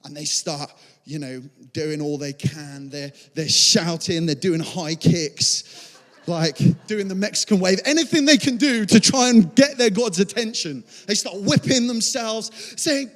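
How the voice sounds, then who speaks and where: A young man preaching a sermon to a church, telling a story with animated quoted voices. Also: on the high side, unhurried. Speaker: pastor. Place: large church hall. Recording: long church hall reverb.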